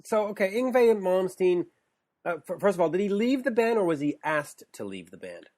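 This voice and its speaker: Man hosting, chatty with quick affirmations. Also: sits high, very animated, darkish tone. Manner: brief affirmations, chatty asides. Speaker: podcast host. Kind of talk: casual interview.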